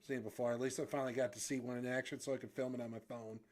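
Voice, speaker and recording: A man's voice: mid-range voice, little pitch movement, very fast, darkish tone, close to an everyday voice. A man doing a jaded, unbothered city woman.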